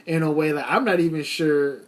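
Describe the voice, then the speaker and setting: A man from the American South co-hosting a podcast, joking around with many fillers and quick laughs. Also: a little high, fairly even intonation. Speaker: podcast co-host. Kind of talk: casual chat.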